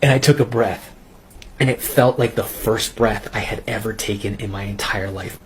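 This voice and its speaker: A man telling his personal faith testimony in an earnest, intense way, pausing and restarting as he recounts it. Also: fairly low pitch, background noise. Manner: earnest, intense storytelling with halting pauses. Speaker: testimony speaker.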